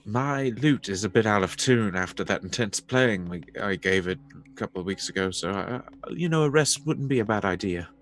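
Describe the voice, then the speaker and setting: A man's voice: fairly low pitch, animated, normal speed, fairly bright tone. A man playing in a tabletop game, chatty and rambling, joking in and out of character. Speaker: player. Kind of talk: casual tabletop game chat.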